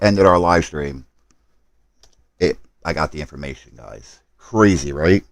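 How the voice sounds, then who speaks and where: A man's voice: very deep voice, a little slow, dry recording. A man live streaming a game, talking to his chat while he hurries through setup and apologizes for his mistakes.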